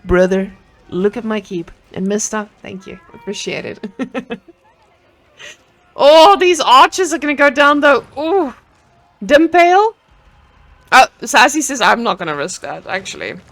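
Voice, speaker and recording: A woman casting a live strategy game match with a playful, excitable, jokey manner, speaking into a handheld microphone. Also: a little high. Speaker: esports caster.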